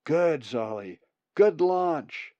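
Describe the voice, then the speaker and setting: A man voicing a patient adult male raven who calmly and encouragingly teaches chicks to fly. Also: fairly high pitch, drawn-out words, dry recording, highs cut off, voice pushed up. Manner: calm, encouraging, instructive.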